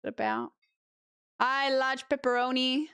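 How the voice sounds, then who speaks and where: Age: adult. Sex: woman. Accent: Australian. Role: streamer. Delivery: slow, chatty casual talk, higher voice. Sound: dry, close. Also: huge pitch swings, a bit bright, clear, resonant tone, dry recording. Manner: chatty, reacting aloud while reading chat. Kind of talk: casual live-stream chat.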